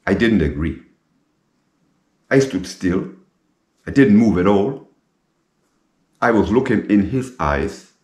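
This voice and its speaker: A middle-aged man, a native German speaker, telling his own story slowly and emphatically in English, repeating himself and dropping in French military terms. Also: fairly low pitch, animated, darkish tone. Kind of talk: personal storytelling monologue. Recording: echoey room with faint guitar music.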